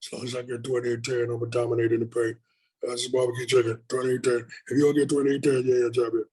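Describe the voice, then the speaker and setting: Guy doing a breathy, bassy big athlete voice, bragging and drawled out. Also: little pitch movement, fast talker, darkish tone, lightly acted. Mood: boastful. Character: impression of a famous big male basketball star.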